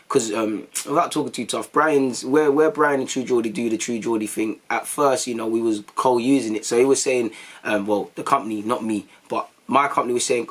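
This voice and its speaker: This young man vlogs on YouTube, recounting tales to his audience with animated energy, plenty of slang, and quotes he performs. He speaks briskly in a mid-range voice.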